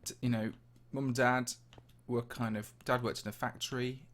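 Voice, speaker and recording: In a level, mid-range voice that's a bit bright and at normal speed, a slightly posh Midlands Englishman hosts a Minecraft livestream. He chats casually, answering viewer questions while he tours a game map.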